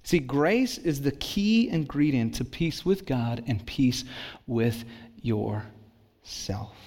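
A pastor preaching a sermon in church, moving between hushed and emphatic delivery and calling on the congregation. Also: male voice, a little high, sing-song, measured pace. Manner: calls on the congregation for responses.

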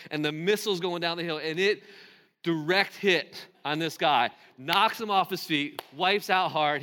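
A pastor in his forties tells a story from the pulpit. His voice is bright and a little high for a man. He laughs often and acts out the other people's lines. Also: a little hiss or hum. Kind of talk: storytelling sermon.

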